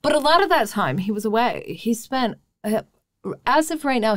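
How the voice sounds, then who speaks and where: A woman in her thirties from Wisconsin, a podcast guest telling her story in lively casual chat. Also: fairly high pitch, moderate pace, no echo. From Wisconsin, USA. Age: 30s. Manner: lively, acts out quoted exchanges.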